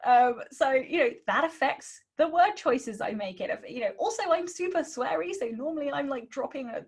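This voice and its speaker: A woman's voice: sits high, animated, moderate pace. A British woman giving a webinar lesson on writing, cheeky and sarcastic in tone, with lots of ums. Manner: says um a lot. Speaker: writing instructor.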